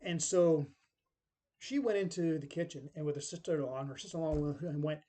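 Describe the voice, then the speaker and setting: A man's voice: a little high, a little fast, warm tone. A middle-aged man telling a personal story in casual, rambling speech, full of tag questions and acted-out quotes.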